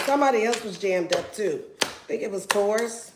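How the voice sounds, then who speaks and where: Brief: brash, profane woman tarot reader, average pitch, roomy echo. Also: lively intonation, a little fast, background noise. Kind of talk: casual tarot reading.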